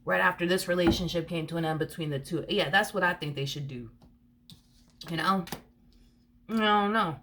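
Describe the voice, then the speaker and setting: A woman with a fairly low voice gives an offhand tarot reading. She talks in a chatty, rambling way, often repeats herself, and keeps breaking into giggles. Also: fairly bright tone. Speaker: tarot card reader. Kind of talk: casual tarot reading to camera.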